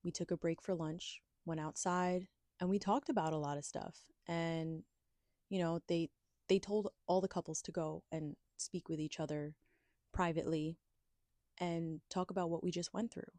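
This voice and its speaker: On her podcast, a woman with a low, mellow voice tells a personal story candidly and with emphasis. Her tone stays steady at a normal speed, and the recording sounds close and dry.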